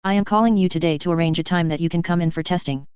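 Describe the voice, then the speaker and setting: A woman's voice: fairly low pitch, rapid-fire, a little mellow, clean tone, no echo, close to an everyday voice. A formal, polite older British dean speaking by phone, as a woman reads his lines. The voice is clean and dry, with a dull lo-fi sound. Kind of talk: audiobook character reading.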